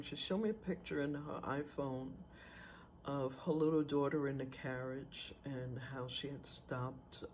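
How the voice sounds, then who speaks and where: Man, slightly higher voice, slow personal storytelling, faint background hiss. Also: darkish tone. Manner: unhurried, halting, with fillers and pauses. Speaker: storyteller sharing a personal testimony.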